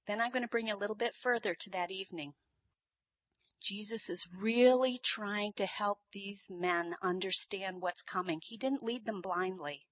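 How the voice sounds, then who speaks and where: A woman preaching a sermon, telling the story with lively, animated delivery and sudden loud bursts. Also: medium pitch, moderate pace.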